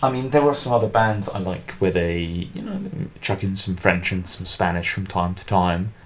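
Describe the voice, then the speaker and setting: Man, low voice, casual podcast host, rambling, lots of restarts. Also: normal speed. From England. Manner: chatty, rambling, with frequent restarts and fillers.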